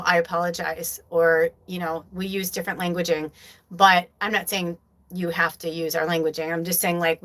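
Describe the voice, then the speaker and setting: A woman's voice: on the low side, a bit bright, low-quality recording. A woman hosting a spiritual medium livestream, talking in a casual, rambling way, full of fillers and heartfelt asides. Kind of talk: casual live-stream chat.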